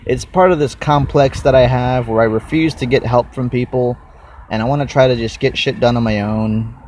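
A slightly mellow, mid-range male voice belongs to a young solo podcast host. His delivery is loose and rambling, full of curse words, with audible chewing as he eats on mic.

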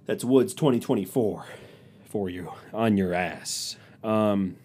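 This solo podcast host speaks slowly in a fairly low, warm, slightly rough voice. His casual show is a profane, sarcastic rant in which he mimics others with mocking quotes.

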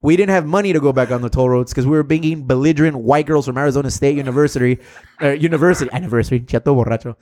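A man's voice: fairly high pitch, very fast, hardly any pauses, a little mellow. A man in his thirties, co-hosting a podcast, telling rowdy stories with laughs, swearing and Spanish slang. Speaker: podcast co-host. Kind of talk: casual storytelling chat.

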